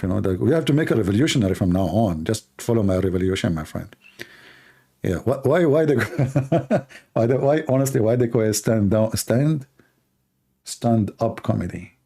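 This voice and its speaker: Live-stream host, male, Arabic native from the Middle East, gravelly and dark, loose joking ramble. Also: medium pitch. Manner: rambling, joking, reacting to chat. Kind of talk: casual live-stream chat.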